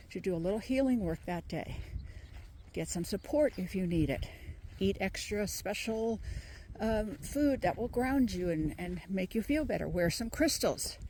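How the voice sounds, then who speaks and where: A woman healer giving emphatic, animated spoken advice while walking outdoors with her dog. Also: mid-range voice, slight background noise. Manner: emphatic, animated, mimics others in quoted voices. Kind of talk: casual spoken advice monologue.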